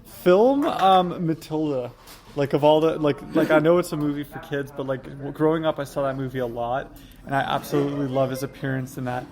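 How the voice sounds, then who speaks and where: A man's voice: a little high, fairly quick. A young man hosting a casual podcast in a Korean restaurant, rambling with many fillers. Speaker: podcast host. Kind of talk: casual chat. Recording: busy restaurant chatter behind.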